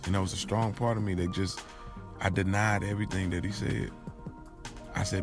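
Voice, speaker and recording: A man narrating a first-person audio drama in a conversational, halting way, with restarts. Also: sits low, level tone, music in the background.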